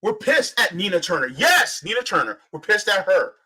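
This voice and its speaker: A man's voice: high voice, very animated, moderate pace, pushed and bright, husky, rough recording. A man giving heated political commentary on a live stream, ranting, sarcastic, and full of rhetorical questions.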